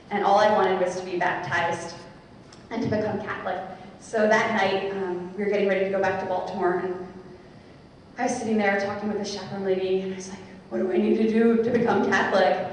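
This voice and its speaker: A young woman, a Dominican sister, telling her personal conversion story as an animated storyteller who acts out the voices she quotes. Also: mid-range voice, slight background noise. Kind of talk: personal testimony talk. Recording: echoey hall, far from the mic.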